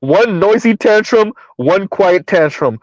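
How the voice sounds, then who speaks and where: A man's voice: high-pitched, lively intonation, takes it slowly, dry recording, muffled recording. Sarcastic man hosting a dry live stream. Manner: mocking, sarcastic, talks to chat. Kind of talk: casual live-stream commentary.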